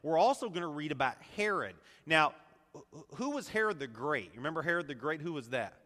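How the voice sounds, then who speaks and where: A middle-aged pastor preaches with energy, drawing his congregation into call-and-response. His voice sits a little high and rings bright and forceful. The sound carries the long reverb of a church hall. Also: animated, a little fast. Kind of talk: sermon. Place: church sanctuary.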